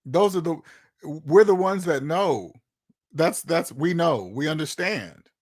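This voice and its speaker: Emphatic man with a raised pitch. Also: expressive, slow pace, darkish tone. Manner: emphatic, repetitive, full of rhetorical questions. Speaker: channel host. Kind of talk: casual opinion monologue to viewers.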